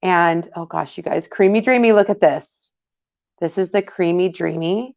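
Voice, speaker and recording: During a laid-back live craft stream, a woman with hiccups demonstrates her project and greets viewers by name in a chatty way. Her gravelly voice is on the low side and moves at a normal speed. The audio is dull, lo-fi livestream sound.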